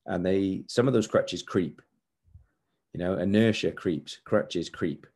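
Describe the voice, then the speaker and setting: Deep, mellow-voiced man in his forties. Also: slow pace, slightly rough. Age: 40s. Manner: earnest, candid, repetitive emphasis. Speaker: podcast host. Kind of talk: motivational podcast monologue.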